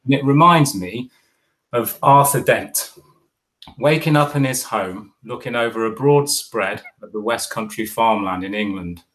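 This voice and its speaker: A man co-hosting a podcast, retelling stories in a relaxed, animated way. His voice sits at an ordinary middle pitch. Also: unhurried, slight background noise. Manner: storytelling, animated asides. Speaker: podcast co-host. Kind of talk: casual chat.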